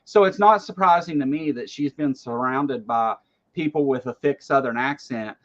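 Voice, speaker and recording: A man's voice: medium pitch, moderate pace, lo-fi sound. A man hosting a livestream, giving blunt, casual political commentary and swearing freely. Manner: blunt, swears freely, reads chat aloud. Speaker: livestream host.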